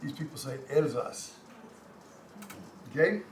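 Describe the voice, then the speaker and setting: Older man, Texan accent, classroom lecture, halting and repetitive, folksy, slightly high voice, distant mic. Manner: halting, repeats words, folksy asides to the class. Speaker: language class teacher. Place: community classroom. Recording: roomy, distant mic, faint hum.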